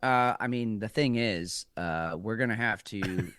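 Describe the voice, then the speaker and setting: A man doing a loud, boastful impression of a president who keeps reassuring everyone and repeating himself. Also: fairly low pitch, unhurried, no echo, clean studio sound, voice pushed down. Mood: swaggering. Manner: bragging, reassuring, repetitive.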